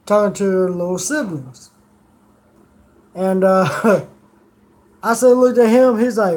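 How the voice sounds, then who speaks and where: A man's voice: sits high, slow pace, long pauses, a little mellow. A man streamer telling rambling stories in casual chat, swearing freely.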